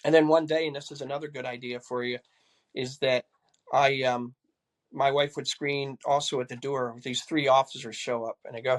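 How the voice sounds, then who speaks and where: Older man guest, retired cop, plain mid-pitched voice, halting storyteller. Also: fairly even intonation. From California. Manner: halting, repeats words, acts out dialogue. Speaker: guest, retired police assistant chief. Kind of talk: casual storytelling interview.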